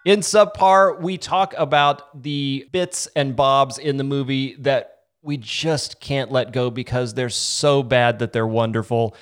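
A man hosting a podcast, chatting casually about a movie with a jokey, animated delivery. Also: medium pitch, takes it slowly, clean tone, soft background music. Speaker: podcast host.

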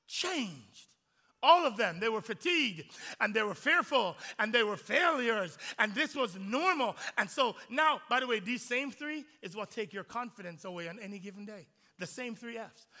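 A man preaching an Easter sermon to his congregation, swinging from hushed whispers to shouts and acting out the voices of the people in his story. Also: high voice, creaky, in a large hall. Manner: acts out quoted voices of disciples and Jesus. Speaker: pastor.

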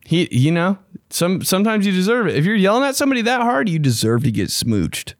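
A young man hosting a casual podcast monologue, excitable and slangy, swearing freely and often jumping into high mocking voices. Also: a little fast, dry recording. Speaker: podcast host.

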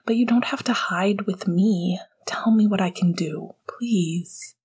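A woman voicing a gentle, devoted young man comforting his partner in a whispered role-play, soft and earnest. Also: medium pitch, slow, breathy edge. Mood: soothing.

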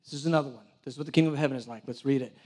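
Speaking very fast in a mid-range voice, a man preaches as church director. His sermon is built on animated stories with acted-out dialogue, and he jokes with the congregation.

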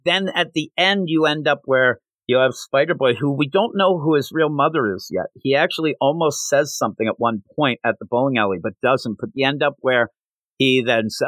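A man co-hosting a podcast about comics, talking casually at a middle pitch. He retells the story with animated bits of acted-out dialogue. His voice is recorded dry and close to the mic. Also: a little fast, no echo, low-quality recording. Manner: animated retelling, acts out quoted lines. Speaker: podcast co-host. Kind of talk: casual comic book discussion.

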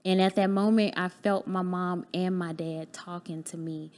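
A woman's voice: lowish voice, steady tone, moderate pace, a little mellow. A woman guest on a podcast candidly recounting a personal experience, acting out remembered conversations in a heartfelt, earnest way. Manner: candid, acts out remembered dialogue. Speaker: podcast guest, business owner. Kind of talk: personal storytelling in a podcast interview.

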